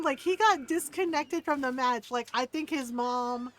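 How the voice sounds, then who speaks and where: A woman's voice: high-pitched, fairly bright tone. Chatty, profane woman streamer. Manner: chatty, profane, laughing, lots of fillers; also reads game story aloud at a brisk pace. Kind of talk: casual gaming stream chat.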